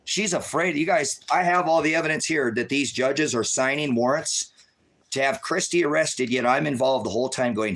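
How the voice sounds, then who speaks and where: A stressed man rambling through an agitated live-stream rant, jumping between loud outbursts and low muttering. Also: moderate pace.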